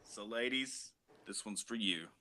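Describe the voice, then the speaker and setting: A man's voice: on the low side, measured pace, sharp tone. A man, a wrestling guest, hyping an upcoming show during casual banter.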